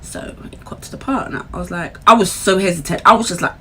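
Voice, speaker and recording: A 21-year-old woman telling a story time vlog in an animated, chatty way, laughing between lines. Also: medium pitch, quick pace, a little hiss or hum. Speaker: vlogger.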